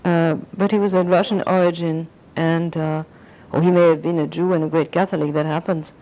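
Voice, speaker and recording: A woman's voice: sits low, steady tone, fairly quick, mellow, poor audio. An older woman being interviewed, reminiscing in a rambling way and slipping into French phrases. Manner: rambling, anecdotal, slips into French.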